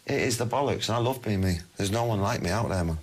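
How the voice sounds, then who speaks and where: A man's voice: fairly low pitch, quick pace, slightly rough. A man in his forties with a Mancunian accent, guest in a casual interview, talking bluntly with plenty of swearing. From Manchester, England. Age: 40s. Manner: blunt, swearing, laddish storytelling. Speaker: musician guest.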